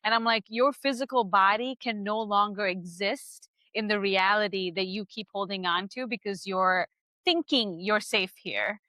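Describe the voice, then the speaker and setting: A woman hosts a podcast interview with a bright, forceful tone. She talks earnestly and effusively, often restarting sentences and breaking into laughter. The sound is close and dry. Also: medium pitch, moderate pace, dry recording. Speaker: podcast host.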